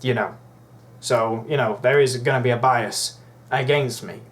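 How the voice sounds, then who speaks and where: A man's voice: mid-range voice, measured pace. A young man ranting in a vlog, profane, indignant and rambling. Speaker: YouTuber.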